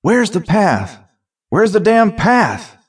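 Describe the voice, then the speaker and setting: A man voicing a frightened young male thief who talks in rough, everyday speech with dropped endings. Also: fairly high pitch, big pitch swings, moderate pace, a little mellow, voice pushed up. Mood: scared.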